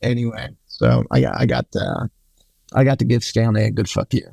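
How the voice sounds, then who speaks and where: Older-sounding man telling lively film-set stories. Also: on the low side, fairly quick, gravelly, no room sound. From New York. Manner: storytelling, swearing, acts out quotes. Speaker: guest cinematographer. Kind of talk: casual anecdotal interview.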